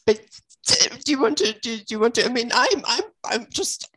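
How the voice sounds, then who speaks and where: A woman's voice: on the high side, animated, a little fast, breathy edge, no echo. Reassuring woman practitioner, dry sound. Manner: warm, reassuring, passionate explaining. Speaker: guest practitioner. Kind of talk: explaining in interview.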